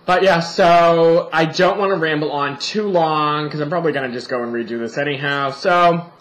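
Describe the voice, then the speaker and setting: Brief: campy young male drag vlogger, joking and foul-mouthed, slightly high and bright. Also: normal speed, rough recording. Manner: sassy, profane, joking. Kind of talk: campy casual vlog monologue. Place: indoors at a family home.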